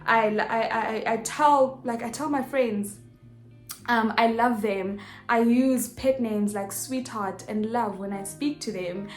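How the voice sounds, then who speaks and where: A young woman telling a personal story in a casual vlog, animated and expressive, acting out the dialogue. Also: a little high, takes it slowly. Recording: echoey room with faint music.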